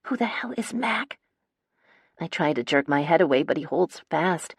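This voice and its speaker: A woman's voice: low voice, lively intonation, moderate pace, breathy edge, no room sound. A woman narrating a first-person romance audiobook in a wry, dramatic storytelling manner, on a close studio mic.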